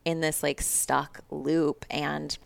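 Low gravelly woman, candid podcast guest. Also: flat delivery, takes it slowly, no echo. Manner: candid, emotional retelling with swearing and laughs. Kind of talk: candid storytelling interview.

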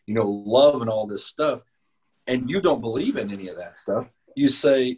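Husky-voiced man giving frank advice. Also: medium pitch, lively intonation, normal speed, darkish tone, poor audio. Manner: emphatic, frank, mild profanity. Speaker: podcast host. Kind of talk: casual advice talk.

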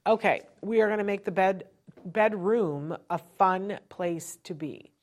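A woman's voice: measured pace, darkish tone. A woman host giving friendly parenting advice in a chatty way, often asking "right?" and dropping her voice to show how to wind down. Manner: lowers her voice to show winding down. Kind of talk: conversational advice talk.

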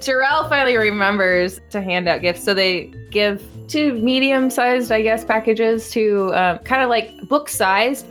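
A chatty woman describing moves in a tabletop game, laughing often. Her pitch is average. Faint music plays underneath. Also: fairly bright tone. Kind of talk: casual tabletop game play.

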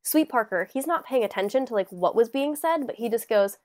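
Young woman podcast host, chatty storyteller, kinda high voice, lots of "like". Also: fairly quick. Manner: animated storyteller, lots of "like", acts out overheard lines. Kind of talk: casual chat.

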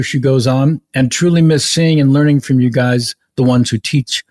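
A man's voice: medium pitch, fairly even intonation, moderate pace, darkish tone, dry recording. Laid-back man with a dry close-mic voice. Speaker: podcast host reading listener mail, improv performer. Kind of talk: casual improv comedy chat.

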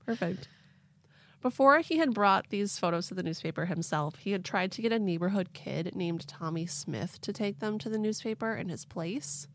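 A woman's voice: mid-range voice, animated, moderate pace, fairly bright tone. A woman hosting a podcast, telling a story casually, cursing freely and laughing along. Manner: chatty, swears casually, laughs a lot. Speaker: podcast host.

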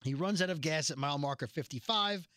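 A man's voice: on the high side, quick pace, pushed and bright, no echo, clean studio sound. A man casually recapping a TV episode as a podcast host, chatty and joking, with rambling asides. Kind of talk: casual chat.

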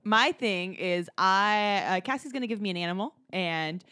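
A woman's voice: medium pitch, normal speed, pushed and bright, clean tone, no room sound. A young woman hosting a party game as game master, chatty and giggly as she announces rules.

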